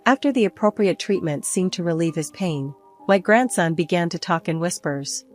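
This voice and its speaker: Calm older woman narrating a story. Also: fairly low pitch, moderate pace, faint music behind. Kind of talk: scripted narration.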